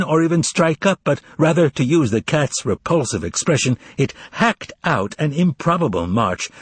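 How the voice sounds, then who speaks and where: Male audiobook narrator, expressive, husky, lively pitch, dry sound. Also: dry recording. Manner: expressive, voices the characters. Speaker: audiobook reader.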